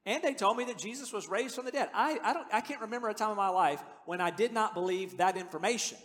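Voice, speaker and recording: High-voiced preacher in a reverberant hall. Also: male voice, fast, a bit bright. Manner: earnest, conversational, rising to emphatic declarations. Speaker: pastor. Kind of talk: sermon. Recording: long reverb of a large hall.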